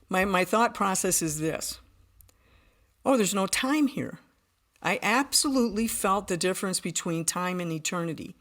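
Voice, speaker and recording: A woman's voice: on the low side, a bit bright. A woman guest on a podcast, telling a personal story in an earnest, vivid way, often restarting her sentences.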